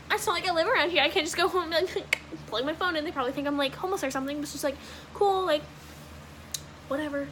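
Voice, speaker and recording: A young woman vlogger from Washington state with a high, bright voice tells a long story in a loose, rambling way. She leans on fillers and curses casually. A faint hiss sits under the recording. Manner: casual, rambling, heavy use of "like", swearing. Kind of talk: storytime vlog.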